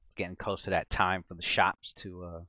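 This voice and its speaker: A man's voice: deep voice, flat delivery, fairly quick, bright, forceful tone. A man running a tabletop game as game master, telling the story loosely with many fillers. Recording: dull muffled stream audio.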